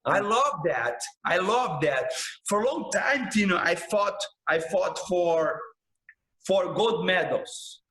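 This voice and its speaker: A man's voice: high voice, animated, takes it slowly, bright, forceful tone, roomy sound, poor audio. A man, a jiu-jitsu instructor talking passionately in a casual podcast interview, filling his speech with "man" and "bro".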